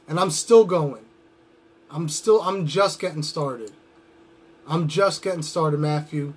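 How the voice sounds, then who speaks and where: Young adult male wrestler, high voice, brash trash-talking promo delivery. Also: takes it slowly, pauses often, slightly rough. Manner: boastful, trash-talking swagger.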